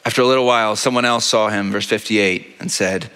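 Male pastor, conversational sermon style, bright tone, long reverb of a church hall. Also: fairly low pitch, fairly quick, few pauses. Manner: conversational storytelling, frequent rhetorical "right?".

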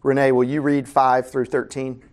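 A man teaching a casual Bible study, animated and conversational, asking the class questions. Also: mid-range voice, normal speed.

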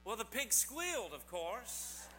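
A man's voice: sits high, very animated, slow, sharp tone. Give me a playful male pastor joking with kids. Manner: playful, teasing, quizzes the audience. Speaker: pastor giving a children's message. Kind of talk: children's sermon with corny jokes. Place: church sanctuary. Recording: long church hall reverb, faint mains hum.

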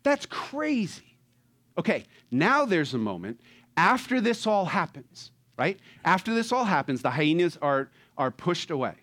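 Delivering a sermon at a moderate pace, this pastor speaks on the high side and plays out scenes as movie characters. His tone shifts from loud excitement to soft tenderness.

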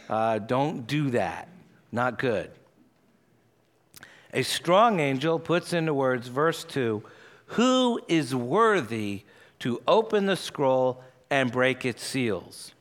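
A man's voice: mid-range voice, a bit bright. Earnest man preaching a sermon. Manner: earnest, explanatory, reads scripture aloud with emphasis. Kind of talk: expository sermon.

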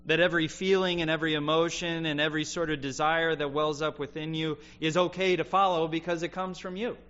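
A man preaching a sermon in an earnest, reflective way, often dropping quiet to make a point. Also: fairly high pitch, steady tone, fairly quick. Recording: dull lo-fi sound with faint hum.

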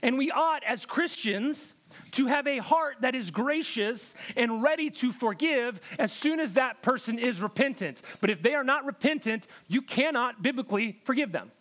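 A man's voice: very high voice, animated, normal speed, fairly bright tone. A man preaching a sermon in an earnest, direct way, often repeating words for emphasis. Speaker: pastor.

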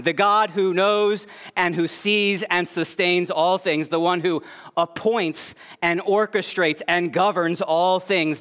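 A male pastor delivers a sermon in an earnest voice that sits high for a man. He climbs to emphatic peaks and then sinks back to soft, low passages.

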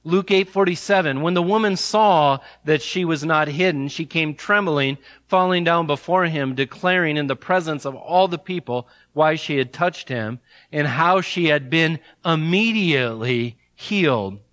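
Bright-voiced preacher man, emphatic. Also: unhurried, no echo. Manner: emphatic, reads scripture aloud, rises and drops in pitch. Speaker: pastor. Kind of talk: expository sermon.

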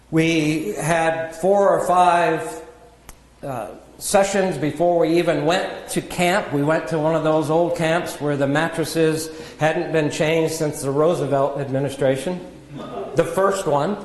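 A man preaching a sermon in a measured, earnest teaching manner, with self-deprecating asides. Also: a little high. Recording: echoey hall with long reverb.

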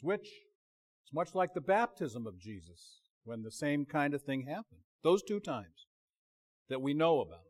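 A man preaching in a notably high, bright-sounding voice. He talks to the congregation like a friend, stumbling over restarts and pulling his voice down low when he wants a point to land. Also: very animated, a little slow. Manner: conversational, self-interrupting, drops to quiet emphasis. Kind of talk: sermon.

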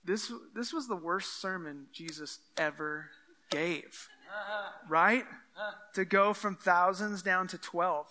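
A man's voice: sits high, takes it slowly, sharp tone. A man preaching a sermon. He talks casually and reads scripture aloud. He acts out the voices of the people he quotes. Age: adult with children. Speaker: pastor. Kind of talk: expository sermon.

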